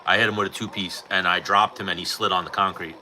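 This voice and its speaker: A middle-aged man with a deep yet very bright, sharp voice talks fast and casually on a livestream, telling animated stories, cursing freely, and acting out the people in them. He uses his own microphone, and the poor-quality audio carries a faint hiss underneath.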